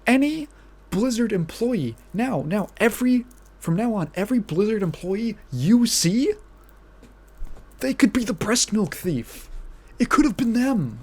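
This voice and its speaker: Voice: medium pitch, expressive, measured pace, darkish tone. A podcast host ranting in casual commentary, exasperated and profane, often restarting and trailing off mid-phrase.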